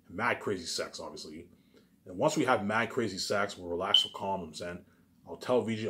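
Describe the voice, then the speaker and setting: A man rambling through a daydream monologue, stumbling over restarts and saying "obviously" and "you know what I'm saying" over and over. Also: fairly low pitch. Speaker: vlogger.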